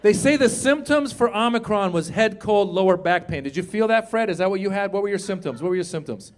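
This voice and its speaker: A man in his fifties doing stand-up comedy on a club stage, working the crowd with loud, animated delivery and shouted punchlines. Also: high voice, brisk. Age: 50s.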